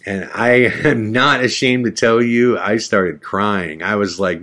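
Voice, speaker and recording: Low-voiced man telling a story. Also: unhurried, few pauses. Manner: animated, acts out the voices of people in his story. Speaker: podcast host. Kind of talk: personal storytelling. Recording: podcast audio.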